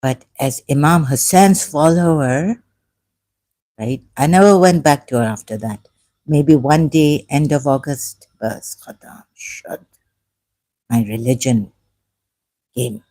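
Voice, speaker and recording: A woman in her fifties telling her personal story, emotional and halting, rambling with restarts and self-corrections. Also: deep voice, warm tone. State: emotional, close to tears.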